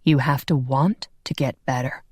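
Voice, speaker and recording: A woman voicing a deep-voiced, flirtatious, self-assured man in an audiobook. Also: steady tone, normal speed, mellow, slightly rough, dry recording, studio quality. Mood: teasing. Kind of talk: audiobook character voice.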